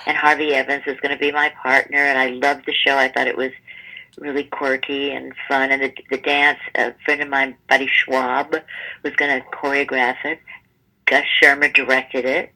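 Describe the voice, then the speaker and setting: A woman in her seventies, a stage performer interviewed as a guest, telling stories in a lively conversational way and acting out the people in them. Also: extremely low pitch, moderate pace, poor audio. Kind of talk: conversational storytelling.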